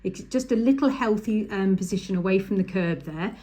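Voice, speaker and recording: A woman's voice: mid-range voice, brisk, dark tone. A woman, a driving instructor talking through a lesson over drawings, chatty and emphatic, repeating the key points.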